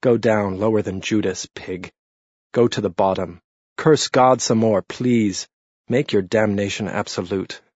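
A man's voice: mid-range voice, expressive, drawn-out words, hardly any pauses, slightly rough, no echo, exaggerated voice. A man voicing a hysterical, vengeful woman who screams curses in an audiobook reading. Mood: frenzied screaming. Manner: screaming, frenzied. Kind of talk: audiobook narration. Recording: dull lo-fi dry read.

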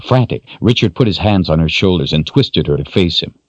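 Male audiobook narrator, very deep voice, lively expressive intonation, dry dull-sounding recording. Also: a little fast, dry recording. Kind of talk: scripted narration.

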